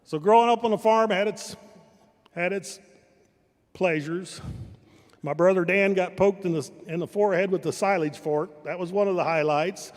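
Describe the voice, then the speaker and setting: An older man from Kansas spins deadpan family stories, stopping to correct himself mid-sentence. His voice sits high for a man. It rings with the long echo of a large event hall. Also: normal speed. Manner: dry storytelling with self-corrections. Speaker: family member giving a speech. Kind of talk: humorous anecdotal speech. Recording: reverberant hall.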